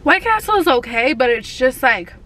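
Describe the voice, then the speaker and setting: A woman's voice: sits high, very animated, moderate pace, fairly bright tone, a little hiss or hum. A young woman from Texas chatting casually while eating in her parked car, rambling through stories with lots of fillers. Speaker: vlogger. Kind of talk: casual car mukbang chat.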